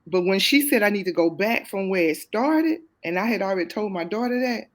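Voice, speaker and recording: A middle-aged woman, a guest on a talk show, telling a personal story in a lively, expressive way with casual Southern phrasing. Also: medium pitch. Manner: lively, expressive, quick to laugh at herself.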